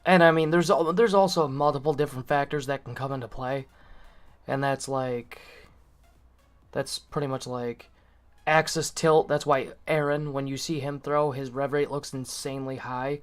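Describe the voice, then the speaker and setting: A man's voice: mid-range voice, steady tone, moderate pace, faint music behind. A man chatting casually on a stream, laid-back, swearing often and filling with "like". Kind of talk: casual chat.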